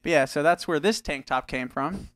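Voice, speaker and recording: A man's voice: fairly high pitch, normal speed, a bit bright, dry recording. A man co-hosting a podcast, joking around in casual chat and reading the news loosely. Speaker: podcast co-host. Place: studio.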